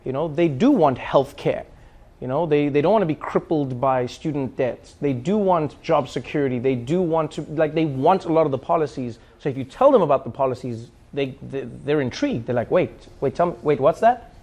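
A man's voice: fairly high pitch, fairly quick. A man hosting a comedy show, giving casual commentary and acting out quotes in voices. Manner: animated, acts out quotes in voices.

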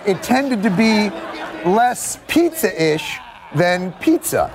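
New York man, late-night comic host, animated mock outrage, crowd audible. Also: a little high, background noise. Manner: animated, mock-indignant, switching to deadpan asides. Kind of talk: comedic monologue to a studio audience.

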